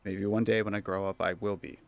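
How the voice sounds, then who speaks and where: A man's voice: low-pitched, steady tone, fairly quick, vocal fry. A young man streaming a strategy game, rambling and swearing in casual joking commentary, laughing often. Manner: rambling, profane, joking asides.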